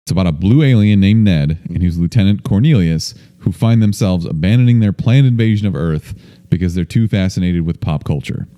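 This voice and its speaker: A man's voice: deep voice, brisk, few pauses, mellow. A man hosting a podcast, reading out a news item in a dry, sarcastic casual chat. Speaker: podcast host.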